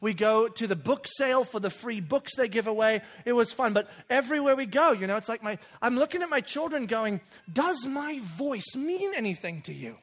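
A man, telling a lively story about his children and acting out voices with loud bursts. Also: very high voice, a little fast, hardly any pauses. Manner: animated, acts out kids and himself with loud bursts. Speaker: father and speaker. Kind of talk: storytelling talk.

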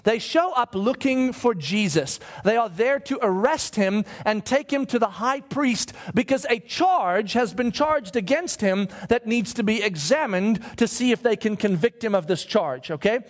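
A male pastor preaching a sermon, telling the story with animated asides and acted-out voices. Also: high voice, moderate pace, few pauses.

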